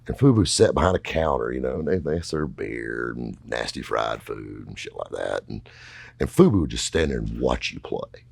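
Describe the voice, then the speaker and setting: A man's voice: very deep voice, animated, moderate pace, vocal fry, breathy edge, no room sound. A middle-aged man telling a long story casually, rambling and folksy, with lots of fillers. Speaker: podcast host telling a story.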